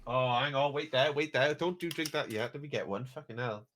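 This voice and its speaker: A man's voice: mid-range voice, fairly bright tone, slight background noise. A young British man with a British accent, a player joking and swearing in casual banter. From Britain. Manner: jokey, quick to laugh and swear. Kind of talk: casual banter among friends.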